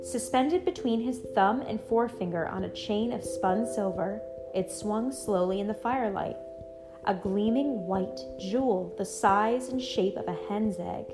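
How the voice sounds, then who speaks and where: Gentle woman reading a bedtime story. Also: mid-range voice, unhurried, over music.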